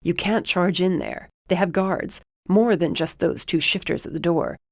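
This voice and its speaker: A woman's voice: fairly low pitch, normal speed, gravelly, no room sound, studio quality. A woman narrator voicing a protective young adult man who argues with urgent, level reasoning. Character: protective young adult male ally, steady and firm. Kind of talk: audiobook character voice.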